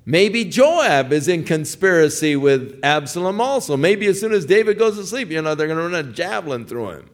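A man's voice: a little high, very animated, normal speed, few pauses. An older man and grandfather preaching a sermon, telling stories and acting out pleading voices as he speaks. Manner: storytelling, acts out pleading voices.

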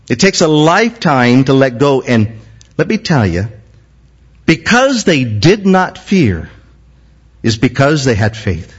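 A man's voice: mid-range voice, husky. A man, a senior pastor, preaching a sermon with an impassioned, repetitive cadence. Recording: muffled lo-fi recording.

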